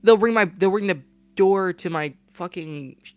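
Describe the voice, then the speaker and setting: A young man reading a game story aloud and breaking off into profane, loud comments. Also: high voice, normal speed, smooth, no room sound. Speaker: gamer reading a visual novel aloud.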